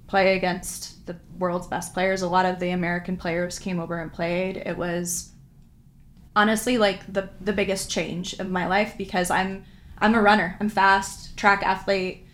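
A woman, a former pro soccer player, telling lively anecdotes in a casual chat and acting out what people said. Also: medium pitch, a little hiss or hum. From Vancouver area, Washington, US. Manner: lively anecdotes, acts out quotes, laughs often.

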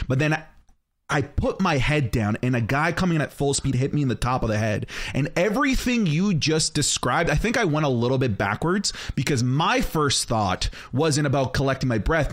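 A young American man co-hosting a podcast, asking long rambling questions full of ums. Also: medium pitch. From United States. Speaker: podcast co-host. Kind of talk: casual interview talk.

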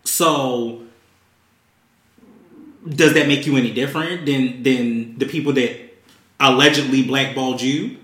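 A man hosting a podcast, chatting casually with friends and telling stories in a profane, animated way with frequent laughter. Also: medium pitch, unhurried, pauses often. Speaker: podcast host. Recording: echoey room.

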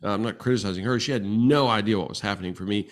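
A man in his sixties, a guest on a relationship podcast, telling stories in an animated way and acting out the quoted exchanges. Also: lowish voice, rapid-fire. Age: 60s. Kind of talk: casual podcast conversation.

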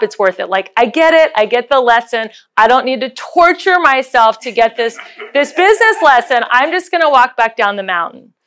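A woman giving a motivational talk, telling a story with lively acted-out quotes. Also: a little high, clear, resonant tone. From United States. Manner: animated, acts out voices in her story.

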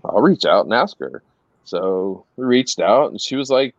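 A middle-aged man casually telling anecdotes as a guest, animated and laughing as he goes. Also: on the low side, normal speed, vocal fry, dry recording. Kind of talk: casual storytelling. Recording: dry, slightly dull sound.

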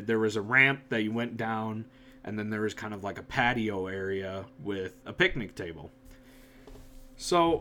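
A man's voice: medium pitch, fairly bright tone, a little hiss or hum. A man casually telling a self-mocking story from his childhood, swearing now and then. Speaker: podcast host.

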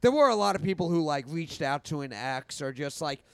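A man co-hosting a comedy podcast, chatting loosely and reacting quickly. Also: fairly high pitch, expressive, a bit bright, clear, resonant tone, no echo. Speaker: podcast co-host. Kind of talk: casual podcast chat.

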